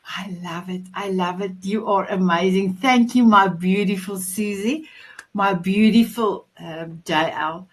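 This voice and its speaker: A woman's voice: mid-range voice, a little slow, poor audio. Effusive woman host. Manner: warm, effusive, non-native phrasing. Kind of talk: casual interview chat.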